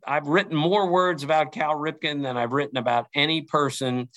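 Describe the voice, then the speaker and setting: A middle-aged man telling lively anecdotes in an interview, acting out quotes from others. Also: on the high side, moderate pace. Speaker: interview guest, baseball writer. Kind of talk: storytelling in an interview.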